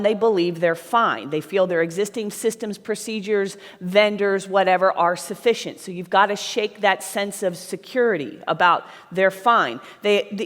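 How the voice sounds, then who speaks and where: A middle-aged woman giving a blunt, emphatic sales seminar to a live audience, often checking in with "right?". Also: medium pitch. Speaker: sales trainer speaking at a conference. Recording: long reverb of a large hall.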